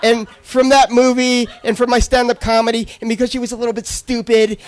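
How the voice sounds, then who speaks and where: A man's voice: very high-pitched, little pitch movement, fairly quick. A young man doing a stand-up comedy set on a club stage, telling awkward self-deprecating stories with crude jokes.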